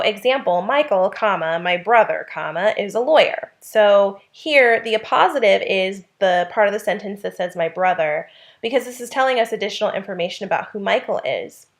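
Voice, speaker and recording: A woman giving a grammar lesson. She explains things step by step and reads example sentences aloud, with a few fillers along the way. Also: mid-range voice. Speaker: English teacher.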